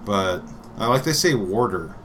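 A man's voice: on the low side, moderate pace, fairly bright tone, a little hiss or hum. A man co-hosting a casual podcast, musing wryly about words and sayings. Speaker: podcast co-host. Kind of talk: casual banter.

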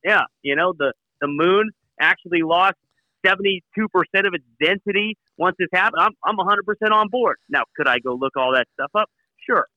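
A man's voice: sits high, fairly quick, bright, forceful tone, no room sound, muffled recording. A man co-hosting a podcast, joking in laid-back talk with frequent restarts. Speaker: podcast co-host. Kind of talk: casual podcast chat.

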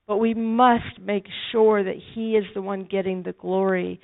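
A woman's voice: mid-range voice, fairly even intonation, measured pace, vocal fry. A woman preaches with impassioned, pleading fervor. Her voice comes through thin and boxy, like a phone line. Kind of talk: sermon. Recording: phone-like narrow sound.

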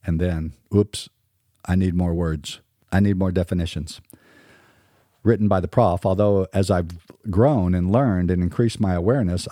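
A man's voice: deep voice, normal speed, warm tone, no room sound, clean studio sound. A middle-aged man from the American South with a mostly standard American accent, hosting a podcast in a scripted monologue with wry, sarcastic asides. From Southern United States. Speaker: podcast host.

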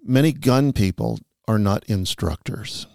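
Man, gun instructor, earnest, dark mellow tone, dry studio sound. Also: fairly low pitch, unhurried, creaky, dry recording. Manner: earnest, emphatic about responsibility. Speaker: firearms instructor and guest. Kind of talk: conversational podcast talk. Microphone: studio podcast mic.

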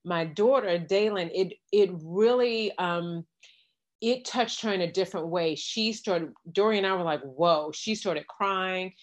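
A middle-aged woman with a lowish voice recounts a story in easy conversation. She acts out the back-and-forth she quotes, and her telling is lively and conversational. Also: measured pace. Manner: animated retelling with quoted exchanges. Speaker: guest. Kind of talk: casual storytelling.

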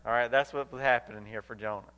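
A male pastor preaching a sermon, animated and emphatic, acting out scripture as he paraphrases it. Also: medium pitch, fast talker, smooth, dull audio.

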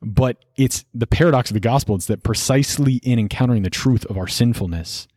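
A young man, a seminarian co-hosting a podcast, talking through faith topics in an earnest, explanatory and gently preachy way. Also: mid-range voice, fairly quick, dry recording, studio quality. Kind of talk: casual faith discussion.

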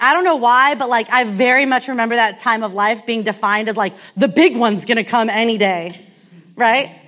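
A woman's voice: fairly high pitch, fairly bright tone. Candid woman sharing a sermon story. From California. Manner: candid, storytelling, conversational with many fillers. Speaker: speaker.

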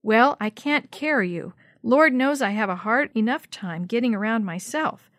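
A woman voicing a frail, hobbling old woman who scolds loudly in a high, sharp voice. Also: expressive, normal speed, dry recording, lightly acted. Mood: gentle. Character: cranky old woman, frail, hobbling, gruff then kind.

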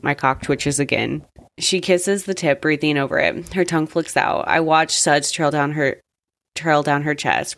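Female podcast co-host, steady first-person reader of explicit fan fiction, dead-dry recording. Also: sits low, dry recording. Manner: unhurried first-person reading with an aside in her own voice.

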